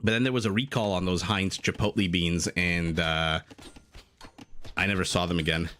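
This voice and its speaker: A man's voice: low voice, fairly even intonation, normal speed, a bit bright, slight background noise. A man casting a strategy game live, chatting jokily with his chat and wandering off on tangents. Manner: chatty, jokey, digressive, reads out chat messages. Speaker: game caster.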